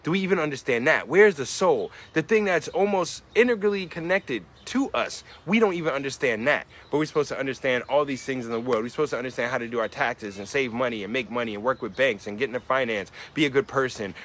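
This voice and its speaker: A man's voice: mid-range voice, big pitch swings, a little fast, fairly bright tone. A man in his forties, a rapper explaining his lyrics in a reflective monologue, musing and asking many rhetorical questions. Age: 40s.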